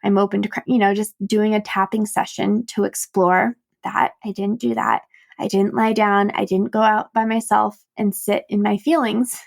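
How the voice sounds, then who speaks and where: A woman's voice: medium pitch, a little slow, vocal fry. A woman podcast host and coach telling a personal story in a candid, self-mocking way, laughing often and acting out quoted dialogue. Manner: animated retelling with quoted dialogue.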